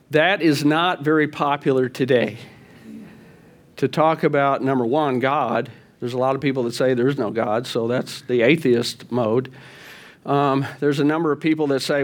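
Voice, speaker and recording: A man leading a Bible study in a conversational way, often checking in with his listeners and asking them questions. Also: medium pitch. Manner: informal, with fillers and self-corrections.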